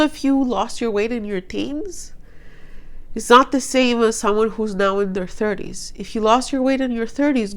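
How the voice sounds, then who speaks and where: Woman in her 30s vlogging, earnest and kinda emotional, rambly, restarts a lot, average pitch. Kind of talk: personal vlog monologue.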